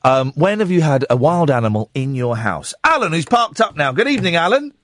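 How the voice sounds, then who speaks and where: A man hosting a radio phone-in, telling stories with lively energy and acting out voices. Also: on the high side, a little fast, no room sound, clean studio sound. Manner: animated storytelling, acts out voices. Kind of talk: late-night radio phone-in chat. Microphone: studio microphone.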